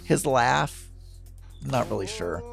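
Talking from home over music, a man hosts his own podcast in a casual, rambling solo monologue, laughing easily. His medium-pitched voice is animated, unhurried, and creaky.

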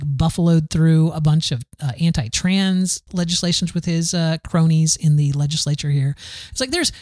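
A man's voice: a little high, darkish tone, dry recording, clean studio sound. A man hosting a podcast, riffing through the news in a casual, sarcastic way, full of fillers and restarts. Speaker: podcast host.

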